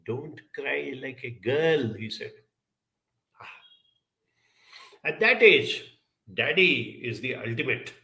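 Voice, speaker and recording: A man giving a reflective self-help talk, telling a childhood story in an unhurried way and acting out the people he quotes. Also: medium pitch, rough recording. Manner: storytelling, quoting others in lively voices; unhurried, spoken as if to listeners.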